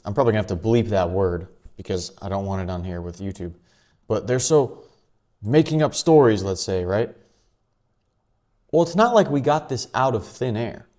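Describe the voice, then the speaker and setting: A man with a fairly low voice hosts his own commentary vlog. He talks quickly and offhandedly, dropping chuckling asides as he goes. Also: darkish tone. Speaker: channel host.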